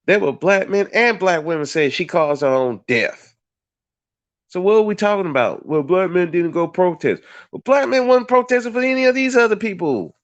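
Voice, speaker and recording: A man's voice: high-pitched, animated, moderate pace, dry recording, dull audio. Blunt, heated man ranting on a podcast. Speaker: podcast host. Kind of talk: solo commentary rant.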